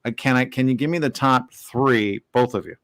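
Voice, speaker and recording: A man's voice: mid-range voice, normal speed. A man hosting an interview over a video call, chatty and playful with his guests. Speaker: interview host. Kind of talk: casual interview chat.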